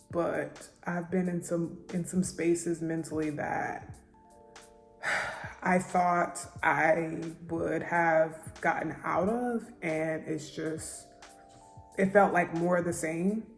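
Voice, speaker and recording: Emotional young woman, echoey kitchen. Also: on the low side. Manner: candid, halting, many fillers. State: emotional, near tears. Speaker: vlogger. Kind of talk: reflective personal vlog talk. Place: kitchen at home. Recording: echoey room with faint music.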